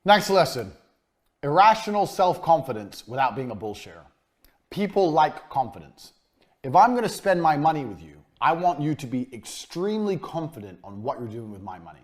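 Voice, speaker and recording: A man giving a recorded business lesson, blunt and emphatic, swearing freely, his voice often trailing off quieter at the ends of lines. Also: a little high, very animated, moderate pace. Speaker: business coach.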